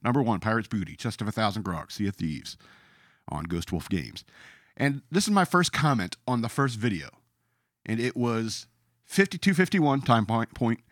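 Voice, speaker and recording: Animated ranting man, dry close sound. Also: lowish voice, normal speed, no room sound. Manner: animated, sarcastic, emphatic; reads out his own comments mockingly. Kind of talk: ranting commentary.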